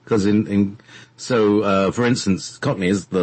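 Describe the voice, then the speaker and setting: Lively, deep-voiced English man chatting. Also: a little slow. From England. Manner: chatty, laughing, stumbling restarts, plays with accents. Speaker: guest. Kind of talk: casual chat.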